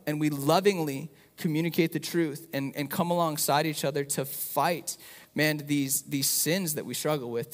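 A man preaching in a church, his voice pitched a little high and carried by a long hall reverb. He talks with passion, repeating words as he builds toward rising emphasis. His sermon runs straight into a prayer. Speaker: pastor.

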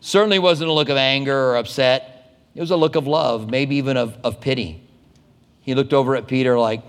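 A man preaching as a pastor, telling stories in a conversational, animated way with quick asides. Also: mid-range voice. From United States. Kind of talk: sermon. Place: church sanctuary. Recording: long hall reverb.

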